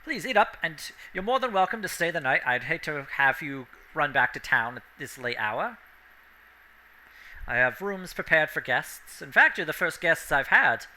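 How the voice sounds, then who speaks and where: A man's voice: a little high, big pitch swings, moderate pace, bright, forceful tone, full character voice, rough recording. A man voicing a haughty, condescending noble lord who is a necromancer, for a tabletop game. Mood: gracious. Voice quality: haughty, condescending, politely stiff. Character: pompous new male noble lord, a necromancer.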